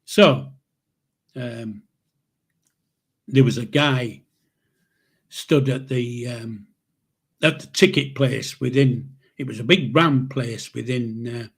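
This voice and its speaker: A man's voice: mid-range voice, takes it slowly, vocal fry, pauses often, slightly rough. A man in his seventies with a Yorkshire accent, casually telling a rambling personal story, swearing freely and restarting sentences. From Yorkshire, England. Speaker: channel host.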